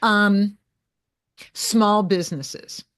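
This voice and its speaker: A woman hosting a casual chat, asking probing questions and reflecting out loud, with an expressive delivery. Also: mid-range voice, very slow, clean tone. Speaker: host.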